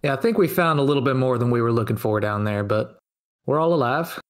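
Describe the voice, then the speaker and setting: A man's voice: medium pitch, quick pace. A man playing a tabletop game, joking in casual chat. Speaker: player.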